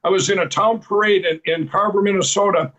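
A man's voice: high voice, fairly even intonation, a little fast, a bit bright, lo-fi sound. A man guest telling his personal testimony in a rambling, earnest way, often repeating "I said" as he retells conversations and laughing at his own story.

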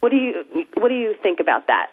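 Role: talk show host. Style: casual, hesitant questions full of fillers. Sex: woman. Pitch: mid-range for a woman. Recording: thin phone-line sound. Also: sing-song, fast, husky. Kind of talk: casual chat.

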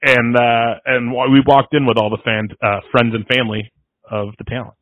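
A man's voice: medium pitch, level tone, normal speed, dry recording. A man hosting a casual chat, telling rambling anecdotes and laughing as he goes. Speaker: podcast host. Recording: dry tinny phone-like sound.

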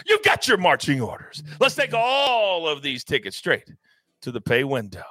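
A man hosting a sports betting show, running through picks with hype, loud bursts and catchphrases. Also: a little high, huge pitch swings, normal speed, no room sound. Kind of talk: energetic sports betting talk.

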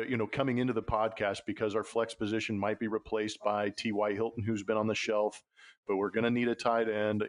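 A man hosting a sports podcast, talking in a casual, jokey, easygoing way. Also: fairly low pitch. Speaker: podcast host.

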